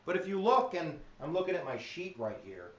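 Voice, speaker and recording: A man teaching history in an energetic, jokey exam review lecture, slipping into silly voices. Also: a little high, fairly quick. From United States. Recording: echoey room, dull lo-fi sound.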